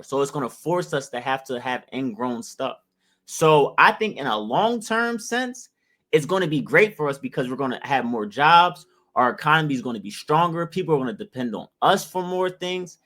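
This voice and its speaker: A man lecturing his viewers in an opinion vlog, emphatic and preachy. He keeps firing rhetorical questions at them. His voice sits a little higher than most men's. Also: sharp tone. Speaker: vlogger giving opinions. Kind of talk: opinionated commentary to camera.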